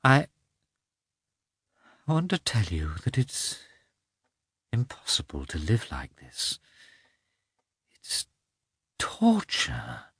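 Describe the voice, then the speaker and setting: A man reading the part of a distraught, pregnant young wife who pleads in a trembling voice that climbs high. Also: wildly swooping pitch, drawn-out words, vocal fry, long pauses, fairly bright tone, breathy edge, no echo, studio quality, heavily acted. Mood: pleading.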